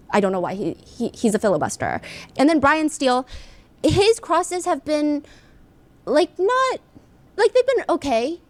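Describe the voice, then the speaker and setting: A woman hosting casual commentary, chatting with many fillers and reading quotes aloud. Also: mid-range voice. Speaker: commentary host.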